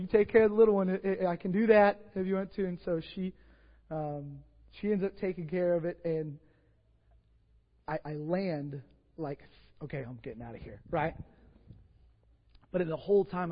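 A man with a Texas accent, a pastor telling a story in a sermon, animated, swinging between hushed asides and loud bursts. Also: high voice. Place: church sanctuary. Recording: dull, lo-fi church hall recording with long reverb.

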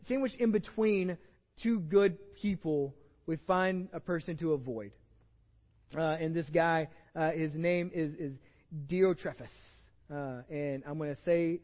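Texan male pastor, casual stumbling sermon delivery, dull recording in a reverberant sanctuary. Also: fairly high pitch. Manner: conversational, repeats words and restarts, jokes with the congregation. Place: church sanctuary with long reverb.

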